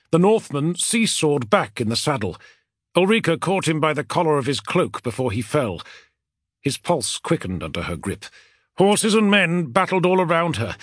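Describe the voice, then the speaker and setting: A man reading a fantasy novel aloud as an audiobook narrator, with a dramatic, expressive delivery. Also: on the high side, no room sound, clean studio sound.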